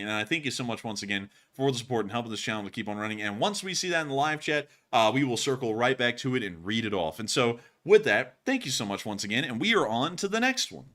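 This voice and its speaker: A man's voice: medium pitch, a bit bright. Rambling man hosting a livestream. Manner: rambling, repeats thank-yous and sign-off phrases. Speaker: livestream news host. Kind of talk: casual livestream Q&A.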